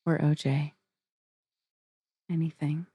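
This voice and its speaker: Female podcast host, low mellow voice, casual talker. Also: takes it slowly, husky, no echo. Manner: relaxed, storytelling. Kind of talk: casual conversation.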